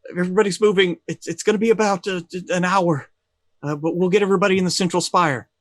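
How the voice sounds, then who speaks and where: A man voicing an excited male townsman on the radio, stammering and urgent as he reports the evacuation. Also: sits high, fast, dry recording, pitched above the performer's own voice, close to an everyday voice. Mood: urgent relief.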